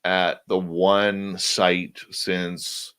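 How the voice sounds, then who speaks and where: Low, slow, sleepy male radio host. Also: clean tone. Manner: relaxed, drowsy, answers listeners one by one. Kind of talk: casual chat reading out listener questions.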